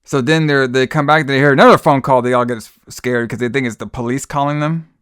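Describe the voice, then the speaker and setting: A man's voice: mid-range voice, fairly even intonation, quick pace, a bit bright, clean tone, no echo, clean studio sound. A man co-hosting a podcast, recapping a film in casual, exasperated, profane chat with frequent sighs. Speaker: podcast co-host.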